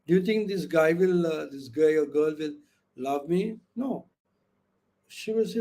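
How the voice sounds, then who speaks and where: A man's voice: on the high side, unhurried. A man giving an interactive online lecture, often asking the audience questions and filling with "okay" and "you know", speaking over a video call microphone. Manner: acts out quoted speech with lively voices. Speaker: webinar trainer.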